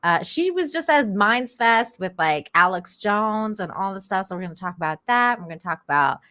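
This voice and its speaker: A woman's voice: mid-range voice, animated, normal speed, bright, forceful tone, no echo, clean studio sound. Rambling Canadian woman guest. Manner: rambling, many restarts. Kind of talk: casual chat.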